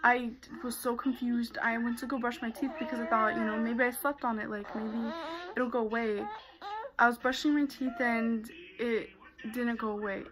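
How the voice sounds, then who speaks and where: A woman's voice: fairly high pitch, level tone, normal speed, a crowd in the background, low-quality recording. A young woman vlogger telling a personal story in a casual way, full of fillers. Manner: casual, many fillers like "like" and "you know".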